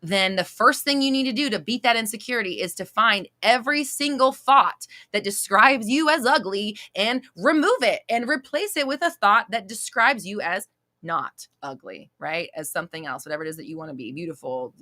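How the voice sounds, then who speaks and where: A woman's voice: mid-range voice, moderate pace, bright, forceful tone. A woman hosting a live-stream Q&A as a manifestation coach, blunt and emphatic, repeating her points and swearing casually. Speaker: manifestation coach answering viewer questions.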